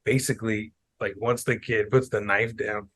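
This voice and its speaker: A young man hosts a podcast, chatting casually in a slightly low voice. He tells stories with animated imitations of the people involved, jumping up into higher voices. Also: normal speed, husky, no echo. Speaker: podcast host. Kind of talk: casual chat.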